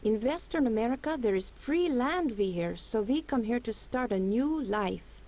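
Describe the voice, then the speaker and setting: A woman's voice: a little high, expressive, normal speed, dark tone. A woman voicing a polite Prussian immigrant wife in a computer game, speaking with a German accent. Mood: friendly. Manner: formal, earnest, put-on accent.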